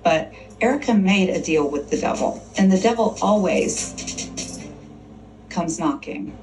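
A woman's voice: on the low side, animated, measured pace, a little mellow, faint music behind, poor audio. A woman in a reality TV confessional, pointed and emphatic.

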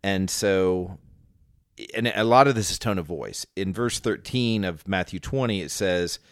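Low-voiced man reasoning through scripture. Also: unhurried, dry recording, clean studio sound. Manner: reasoning through scripture, self-deprecating asides. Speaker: podcast co-host. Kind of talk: casual Bible discussion.

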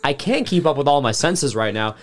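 A man's voice: medium pitch, expressive, a little fast. Giggly drunk young man. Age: young adult. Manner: giggly and rambling. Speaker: podcast co-host. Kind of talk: casual chat.

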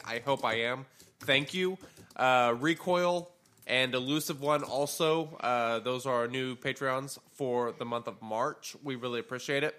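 Bright-voiced man chatting casually. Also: mid-range voice. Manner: relaxed, rambling with fillers. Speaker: podcast co-host. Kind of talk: casual gaming podcast chat.

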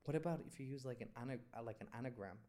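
Woman host, low voice, teasing and blunt interviewer. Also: very fast, warm tone. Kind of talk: casual chat.

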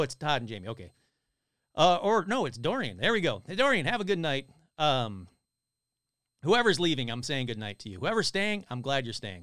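A man's voice: a little high, no room sound, studio quality. A man hosting a live stream, reading listener stories aloud and cracking jokes between them. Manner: animated, joking asides between stories.

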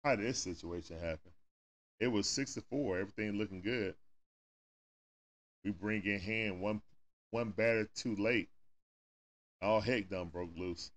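A man with a Southern US accent gives casual play-by-play for a live watch-party stream. His pitch swings up and down with every pitch, and he coaches and groans at the players as though they can hear him. His speech is full of folksy Southern turns of phrase. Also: very animated, measured pace, long pauses, bright, forceful tone.

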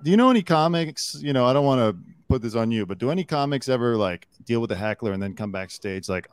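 A man's voice: medium pitch, expressive, quick pace, few pauses, clear, resonant tone, no echo. A man co-hosting an interview, asking curious, probing questions in a casual tone. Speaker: interviewer, co-host.

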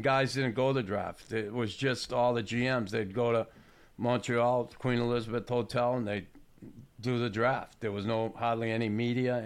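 A man in his sixties, a retired hockey player hosting a chat show, telling stories in a halting, plainspoken way. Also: mid-range voice. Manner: halting, restarts, plainspoken storytelling. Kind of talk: casual podcast chat.

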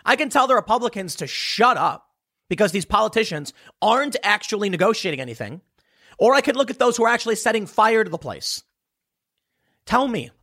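A man's voice: high voice, sharp tone. A man delivering a sarcastic political commentary monologue, emphatic and mocking his opponents.

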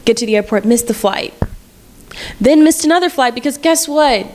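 A woman's voice: a little high, expressive, normal speed, a little mellow, slight background noise. A woman in her twenties hosting a personal podcast, telling her story in a candid, conversational way and repeating phrases for emphasis. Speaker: podcast host.

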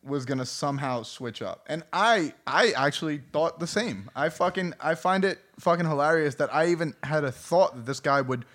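Animated young man, slightly high. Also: normal speed, hardly any pauses. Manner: animated, profane, laughs often. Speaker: podcast co-host. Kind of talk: casual chat.

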